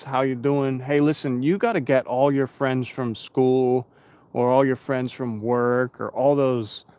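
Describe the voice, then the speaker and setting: A man's voice: mid-range voice, clean tone. A tired man hosting a casual live stream outdoors at night, rambling and chatting with his viewers.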